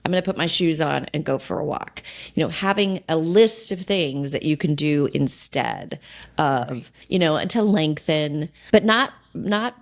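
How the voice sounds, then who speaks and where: A woman podcast host and sobriety coach, talking gently and reassuringly in a conversational way, sometimes acting out inner thoughts. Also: deep voice, lively intonation, measured pace, vocal fry.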